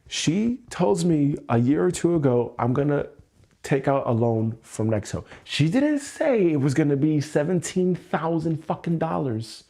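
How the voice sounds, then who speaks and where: A man hosting a livestream, venting angrily and swearing, keeping his voice low at home at night so he won't wake anyone. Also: lively intonation, measured pace, vocal fry, dark tone. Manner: angry, swearing, exasperated. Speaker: livestream host.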